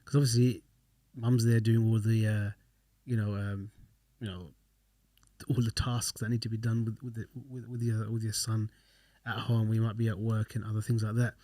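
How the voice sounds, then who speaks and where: A man's voice: lowish voice, flat delivery, moderate pace, warm tone, dry recording. A man co-hosting a casual podcast chat, explaining things in a reassuring way as an experienced father. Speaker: podcast co-host.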